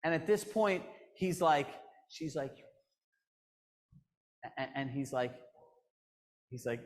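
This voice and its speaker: Animated man coaching a live workshop. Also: fairly high pitch, a little slow, pauses often. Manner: animated storyteller, acts out quotes. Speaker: real estate coach. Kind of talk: workshop teaching.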